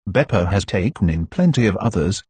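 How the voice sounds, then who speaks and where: Brief: man voicing a humble, deferential bandit, husky and low. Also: big pitch swings, moderate pace, a little mellow, no room sound, exaggerated voice. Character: grateful, deferential bandit messenger, Peppino.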